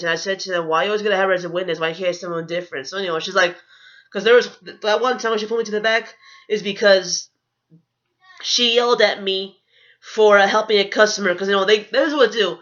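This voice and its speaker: A woman's voice: mid-range voice, fairly bright tone. A young woman telling a storytime vlog in a blunt, profane, indignant rant. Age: young adult. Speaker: vlogger. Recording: dull lo-fi recording.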